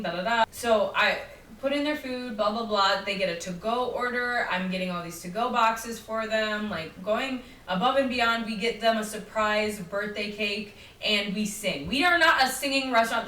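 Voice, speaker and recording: Chatty woman podcaster in a roomy space. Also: mid-range voice. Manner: animated, chatty, acts out quotes. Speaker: podcast host. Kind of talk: solo podcast storytelling. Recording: roomy, slightly distant mic with faint noise.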